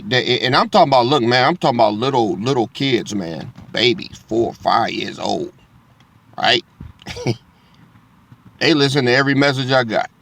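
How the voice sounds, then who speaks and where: A man's voice: mid-range voice, fairly bright tone. Man preaching casually to his viewers. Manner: rambling, direct address, frequent profanity. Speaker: online religious commentator.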